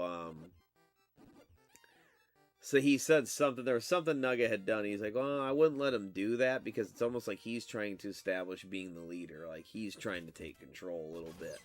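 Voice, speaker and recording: Low-voiced man rambling while gaming. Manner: rambling, loose storytelling with many fillers. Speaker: gaming streamer. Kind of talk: casual chat while playing a game.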